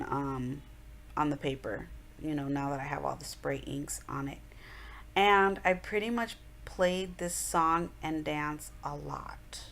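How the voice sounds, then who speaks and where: A woman's voice: low-pitched, a bit bright. A woman in her thirties, chatting through an art journal tutorial in a rambling, casual voice-over with many fillers.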